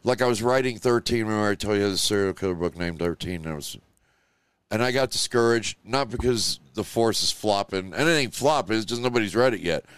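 A man's voice: lowish voice, a little fast, a bit bright, smooth, no echo. A man hosting a live show, talking in a loose, emotional, rambling monologue full of "you know" and "like.". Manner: emotional, rambling, heavy on 'you know' and 'like'. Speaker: show host.

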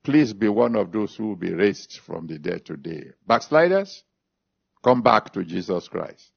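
Slow, gravelly emphatic preacher man. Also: fairly low pitch, big pitch swings. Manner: emphatic, slow, repeats scripture references. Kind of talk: sermon with altar call and prayer. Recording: dull lo-fi recording.

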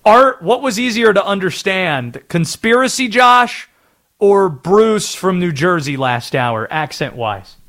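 A man's voice: sits high, lively intonation, slow, a bit bright. A man from North Carolina hosting sports talk radio, chatty and opinionated.

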